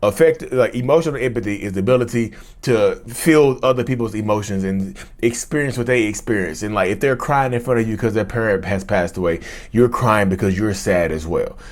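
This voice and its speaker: A man's voice: on the low side, brisk. A man hosting a mental health vlog, talking loosely to his viewers, repeating and restarting phrases and calling them y'all. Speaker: mental health vlogger and host. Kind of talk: casual direct-to-camera monologue.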